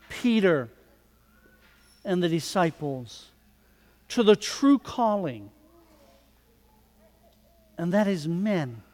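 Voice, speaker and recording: A man preaching a sermon, slow and deliberate, who acts out the quoted dialogue with rising intensity. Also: high-pitched, long reverb tail.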